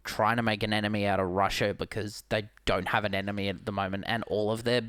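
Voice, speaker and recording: A man's voice: on the low side, flat delivery, quick pace, a bit bright, clear, resonant tone, no room sound, clean studio sound. A man from Australia, co-hosting a casual podcast, opinionated and teasing. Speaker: podcast co-host. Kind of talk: casual chat.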